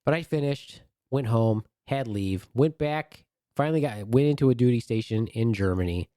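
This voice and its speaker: A man on a podcast telling an animated story with crude humor in a casual way. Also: medium pitch, moderate pace, no echo, studio quality. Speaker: podcast co-host.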